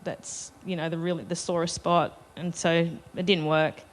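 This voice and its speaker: A woman's voice: fairly low pitch, flat delivery, moderate pace. A woman telling a personal story to a live festival audience, chatty and self-deprecating, laughing between lines. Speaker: festival panel speaker.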